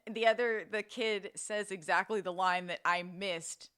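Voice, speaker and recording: A woman's voice: medium pitch, steady tone, unhurried, fairly bright tone, smooth. A young adult woman co-hosting a podcast in casual chat, chatty and laughing often. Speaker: podcast co-host.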